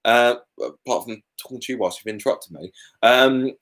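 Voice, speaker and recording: A man's voice: medium pitch, animated, a little fast. A British man hosting a casual live Q&A from home, chatty and candid with colourful asides. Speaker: car YouTuber hosting a live Q&A.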